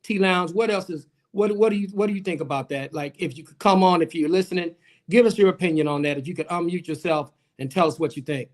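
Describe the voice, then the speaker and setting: High-voiced man hosting a lively panel. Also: quick pace. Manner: animated, questions with restarts. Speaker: host. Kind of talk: livestream panel discussion.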